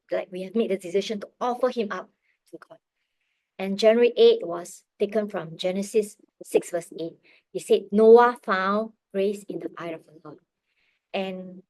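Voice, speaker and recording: A middle-aged woman tells a personal faith story with earnest, heartfelt emotion. Her pitch sits in an ordinary middle range, and she often sinks to a hushed, near-whispered tone. The sound is dry and close, with no room echo. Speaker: parent sharing testimony.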